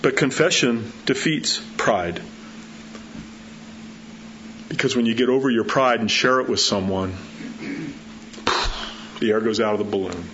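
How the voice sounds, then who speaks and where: A middle-aged man preaching in a loose, conversational sermon, his voice leaping up in pitch when he presses a point. The recording sounds slightly dull and muffled, with a faint hiss of noise underneath. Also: unhurried, long pauses. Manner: conversational, animated, acts out quotes with rising pitch. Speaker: pastor.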